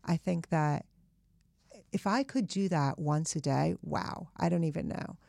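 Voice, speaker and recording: Woman, podcast guest, earnest and thoughtful, low gravelly voice, dry sound. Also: unhurried, darkish tone, no echo. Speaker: author and guest. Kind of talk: casual interview chat.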